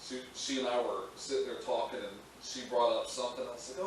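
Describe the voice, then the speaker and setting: A man's voice: medium pitch, moderate pace, bright, forceful tone. A man casually telling family anecdotes, chatty and laughing as he talks. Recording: echoey room from far off with faint noise.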